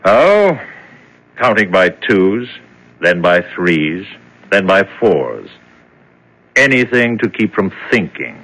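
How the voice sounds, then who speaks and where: A detached overseer speaks with chilling calm. His voice is very deep and unhurried, with a lilting rise and fall, in a 1970s radio play. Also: heavily acted, low-quality recording. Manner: slow, detached, knowing. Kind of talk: 1970s radio drama acting.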